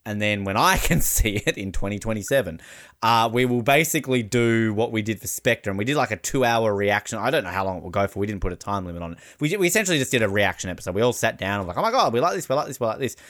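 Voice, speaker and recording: An Australian man hosting a casual podcast chat, animated and laughing often, slipping into comic voices. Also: lowish voice, fast talker. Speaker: podcast host.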